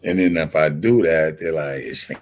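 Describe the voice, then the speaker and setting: A man's voice: very deep voice, normal speed, very noisy. A man hosting a casual livestream who rants insistently in streetwise slang and acts out the exchanges he retells. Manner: streetwise slang-heavy storytelling, acting out quoted exchanges; insistent, defensive. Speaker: livestream host.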